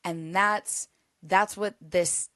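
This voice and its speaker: A woman's voice: fairly low pitch, steady tone, drawn-out words, fairly bright tone, no echo, studio quality. A woman hosting a solo podcast, talking in an earnest, reflective way with emphatic repetition. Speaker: podcast host.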